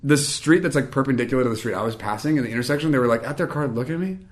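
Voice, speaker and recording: A young man rattles through a personal story at a quick clip. His voice sits at an ordinary middle pitch. He talks in a chatty, rambling way, full of fillers and jokes at his own expense. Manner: chatty, lots of "like" and "um", self-mocking humor. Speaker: podcast host telling a personal story. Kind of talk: casual storytelling monologue.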